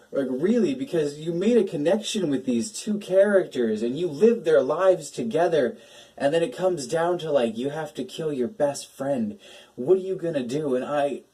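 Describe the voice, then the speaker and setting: A man's voice: on the high side, dark tone, recorded from a distance, low-quality recording. A young man hosting a casual gaming talk, emotional and swearing, laughing between his words. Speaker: gaming channel host.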